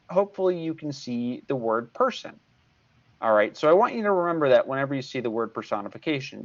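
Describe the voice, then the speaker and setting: A man's voice: a little high, muffled recording. A man in his sixties, a tutor giving a recorded video lesson, patient and repeating key points. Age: 60s. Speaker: math tutor.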